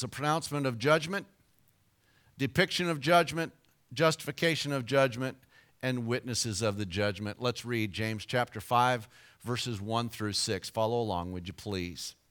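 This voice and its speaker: A man preaching a sermon, telling a joke story with big swings in volume and slow, emphatic scripture reading. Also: fairly bright tone. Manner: dynamic storytelling with sudden shifts of volume and pitch.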